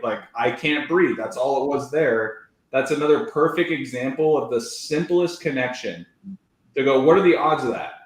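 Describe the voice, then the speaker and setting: Man, mid-pitched, eager and emphatic, jumps in often, roomy echo. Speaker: roundtable panelist. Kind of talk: casual online roundtable discussion.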